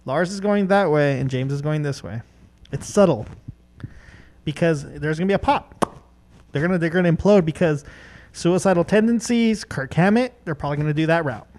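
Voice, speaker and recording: A man's voice: on the high side, a little mellow. A man co-hosting a podcast, chatting casually and joking around. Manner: jokey, quick to laugh. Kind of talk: casual chat.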